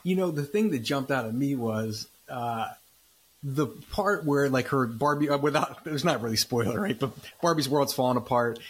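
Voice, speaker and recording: A man's voice: mid-range voice, normal speed, slight background noise. A man hosting a podcast in a casual interview chat, talkative and often tagging lines with "right?". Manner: chatty, says "right?" often. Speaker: podcast host. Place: based in Los Angeles.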